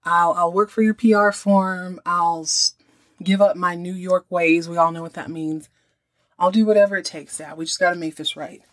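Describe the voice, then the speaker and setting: Southern woman doing earnest young man, pleading, apologetic, lowish voice. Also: fairly even intonation, moderate pace, close to an everyday voice.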